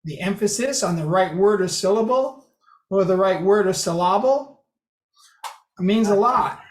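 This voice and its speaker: Relaxed presenter on a roomy video call. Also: medium pitch, moderate pace. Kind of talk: online group lecture. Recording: roomy echo.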